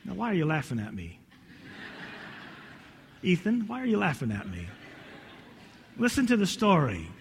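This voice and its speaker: A male pastor preaching a sermon, telling a story in an animated, folksy way with many restarts, in a church. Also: sits high, measured pace, creaky, long pauses, slight background noise. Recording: echoey hall.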